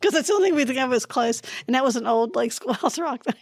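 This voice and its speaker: A woman from Appalachia with a high, slightly breathy voice, chatting on a podcast. She chimes in quickly and giggles often. The sound is close and dry. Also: lively intonation, no room sound. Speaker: podcast co-host. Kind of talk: casual chat.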